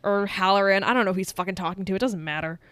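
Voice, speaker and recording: A woman's voice: mid-range voice, very fast, a bit bright, smooth, no room sound. A woman co-hosting a podcast, recapping a film in casual, profane chat and acting out the characters' lines in a sardonic tone. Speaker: podcast co-host.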